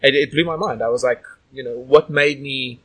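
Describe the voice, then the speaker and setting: A man's voice: medium pitch, steady tone, moderate pace, slightly rough, rough recording. A man from Australia telling stories as a guest in a casual interview, rambling with lots of "like" and "you know".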